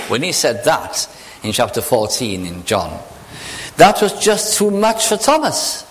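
A man preaching a sermon, shifting between hushed, low passages and raised, urgent ones. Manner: dramatic swings between hushed and raised delivery. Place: church. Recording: echoey hall with long reverb.

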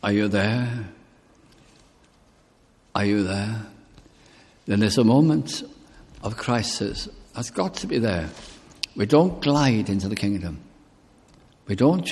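Slow, earnest male preacher in a reverberant hall. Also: on the low side, a little mellow. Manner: slow, earnest, questioning the listeners directly. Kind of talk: sermon.

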